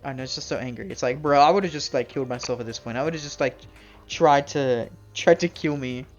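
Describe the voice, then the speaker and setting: A man's voice: medium pitch, a little fast, muffled recording, faint music behind. A man live-streaming a game, chatting casually with his viewers and swearing freely. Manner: casual, swearing, talks to chat. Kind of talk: live gameplay commentary.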